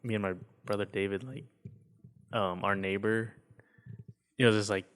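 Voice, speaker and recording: A man chats as a podcast guest in a somewhat low voice. He speaks haltingly and leans on filler words, trailing off into soft chuckles. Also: fairly even intonation. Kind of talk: casual chat.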